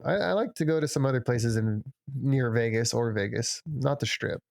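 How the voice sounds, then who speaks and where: A man's voice: medium pitch, normal speed, creaky, a little mellow. A man co-hosting a casual podcast, making dry, offhand remarks. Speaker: podcast co-host.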